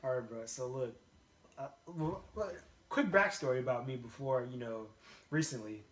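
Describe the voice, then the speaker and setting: A man's voice: medium pitch, normal speed, a crowd in the background. A young man telling a laid-back, slangy story in casual chat, often breaking into laughter. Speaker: guest storyteller. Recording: roomy echo.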